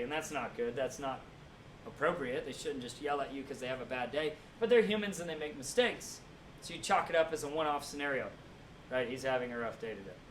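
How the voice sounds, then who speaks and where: A man's voice: on the high side, a bit bright. A man teaching a class in a lecture style. He keeps checking in with his listeners by asking "right?". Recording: echoey room, mic far off, faint noise.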